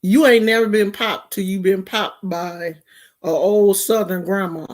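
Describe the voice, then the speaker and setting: A woman's voice: mid-range voice, fairly even intonation, unhurried, a little mellow. A woman from California giving casual gossip commentary in a slangy, mocking, rambling way. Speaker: vlogger.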